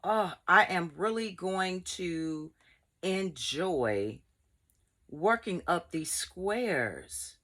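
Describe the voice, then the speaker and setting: A woman's voice: lowish voice, drawn-out words. Gushing woman with a lilt. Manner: gushing, excited, reads aloud. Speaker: crochet channel host. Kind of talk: casual unboxing vlog.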